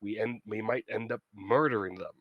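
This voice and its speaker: Low-voiced man playing a tabletop game. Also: moderate pace, no room sound, highs cut off. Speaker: player. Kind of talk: casual tabletop game chat.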